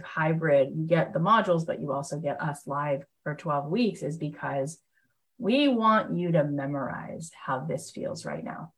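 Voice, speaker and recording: A middle-aged woman giving a live motivational talk, telling stories with animated enthusiasm and chatty fillers. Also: low-pitched, low-quality recording. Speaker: motivational speaker and program host.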